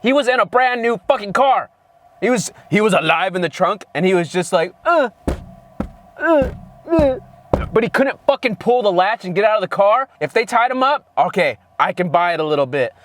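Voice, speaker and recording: High-voiced man ranting, swearing a lot. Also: expressive, brisk, a bit bright, a little hiss or hum. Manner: heavily profane, exasperated, sarcastic. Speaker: movie reviewer, channel co-host. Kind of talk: casual ranting review.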